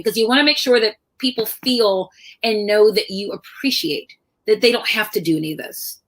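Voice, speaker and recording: A middle-aged woman author telling personal stories in a lively conversational talk, acting out the voices of people she quotes. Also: medium pitch, normal speed. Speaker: author guest.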